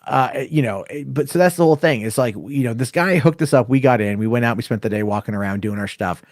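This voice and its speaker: Profane, animated male podcast storyteller. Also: medium pitch, fast, dry recording, clean studio sound. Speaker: podcast host. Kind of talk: casual storytelling chat.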